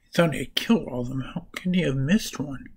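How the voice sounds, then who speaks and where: A man's voice: fairly high pitch, brisk, slightly rough, rough recording. A man casually summarizing comic books for his vlog, rambling and correcting himself as he goes. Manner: rambling, restarts and corrects names while summarizing. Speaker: comic book reviewer.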